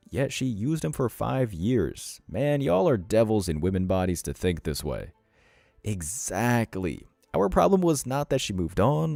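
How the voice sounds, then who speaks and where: A man's voice: on the low side, vocal fry, mellow, no room sound. A man hosting a reaction commentary, reading out comments and lecturing in a sardonic tone. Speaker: commentary channel host.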